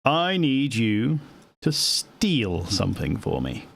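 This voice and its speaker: A man's voice: medium pitch, huge pitch swings, slow, gravelly, fairly bright tone, husky. A man playing a tabletop game, scheming and laughing often, in a casual chat. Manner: scheming, laughs often, restarts mid-sentence. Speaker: player.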